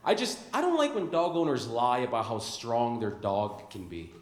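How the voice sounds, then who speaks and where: A young man from Chicago doing a stand-up comedy set on a club stage, animated, laughing at his own lines and calling people "bro" and "dude.". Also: mid-range voice, moderate pace. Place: comedy club stage before a live audience. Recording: roomy club sound.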